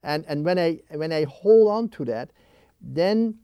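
Expressive male interview guest: slightly high, gravelly, mellow tone, reflective and animated. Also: takes it slowly, no echo, highs cut off. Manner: animated and expressive, with many restarts. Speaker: interview guest, spiritual writer. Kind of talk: reflective interview talk on prayer. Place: at his home. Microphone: filmed interview mic.

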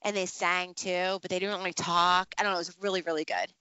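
A woman chatting casually as a podcast co-host, telling stories with lively acted-out reactions. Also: fairly low pitch, fast, clean tone, no room sound. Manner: animated storytelling, acts out her own reactions. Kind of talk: casual chat. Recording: dull, slightly lo-fi dry sound.

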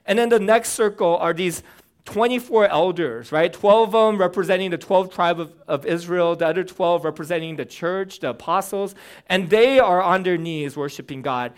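A young man giving a casual, conversational sermon, animated and humorous, with fillers. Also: sits high, normal speed, smooth. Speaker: preacher.

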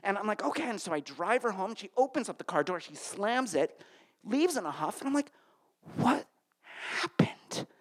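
A man from Connecticut tells a funny personal story live on stage, and his voice climbs and swoops widely as he goes. His delivery is animated, and it shoots up high whenever he recounts a flustered moment. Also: a little fast.

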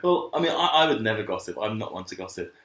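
A man's voice: fairly low pitch, animated, fast, fairly bright tone. A man co-hosting a casual comedic chat, chatty and playful, giggling often. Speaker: co-host. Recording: echoey room.

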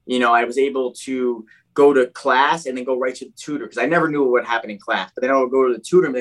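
A young adult man telling his own story in a casual, animated way, full of "like" and "dude". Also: medium pitch, fast talker, hardly any pauses, low-quality recording. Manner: animated, heavy use of "like" and "dude".

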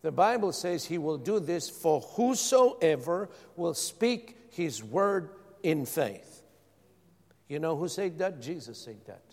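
A middle-aged man preaches a sermon, pressing his listeners with rhetorical questions. His voice sits somewhat high for a man. It rings through a hall with a long reverb. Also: sing-song, slow, a little mellow. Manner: rhetorical questions, emphatic repetition. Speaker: pastor.

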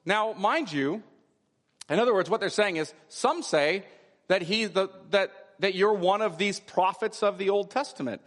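A man's voice: high-pitched, lively intonation, a little slow, fairly bright tone. A man preaching a sermon, explaining scripture with emphatic repetition. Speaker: pastor. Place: church sanctuary. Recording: long hall reverb.

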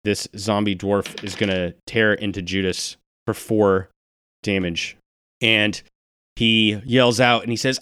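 Male game master, low voice, relaxed descriptive narrator, dry close recording. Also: slow, clear, resonant tone, no room sound. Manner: relaxed descriptive narration with casual table banter.

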